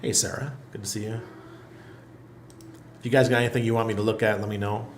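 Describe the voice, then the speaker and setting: A man's voice: on the low side, steady tone, fast, a little hiss or hum. A middle-aged man hosting a casual livestream, reading viewer comments aloud in a loose, chatty way and laughing often. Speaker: livestream host. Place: apartment in Panama.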